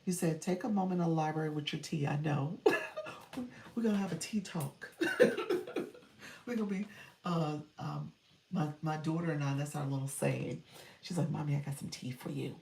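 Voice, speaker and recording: A woman's voice: low-pitched, fairly quick, creaky, dark tone, echoey room, recorded from a distance, slight background noise. A woman coaching on a livestream in casual chat, reading comments, laughing often and thanking viewers by name.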